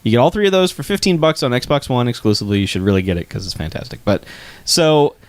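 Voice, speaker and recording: A man's voice: medium pitch, sing-song, fast, no echo. A man co-hosting a podcast, chatting casually and animatedly, swearing and laughing as he tells a story. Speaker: podcast co-host. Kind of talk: casual chat.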